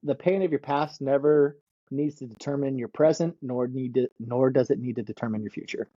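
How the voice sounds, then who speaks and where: A man talks as a podcast guest in a casual, excitable way, tripping over repeated words and laughing. His voice sits at an ordinary pitch. The sound is dull and lo-fi, with no room echo at all. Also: fairly quick. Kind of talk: casual interview chat.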